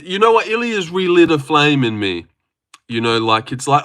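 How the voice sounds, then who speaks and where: Bright-voiced young man streaming chat. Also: on the high side, sing-song, normal speed. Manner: rambling, reads chat aloud and teases viewers. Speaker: livestreamer. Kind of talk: casual live-stream chat.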